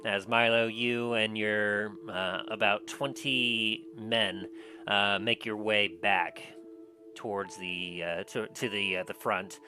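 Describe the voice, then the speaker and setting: A man's voice: on the low side, fairly even intonation, slow, pushed and bright, soft background music, low-quality recording. A man narrating a tabletop game as game master, rambling with lots of restarts and filler words.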